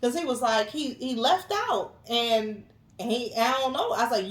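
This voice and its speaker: A woman telling her side of a story in casual chat, lively and chiming in with emphatic quotes. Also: on the high side, moderate pace. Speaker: co-host. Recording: echoey room.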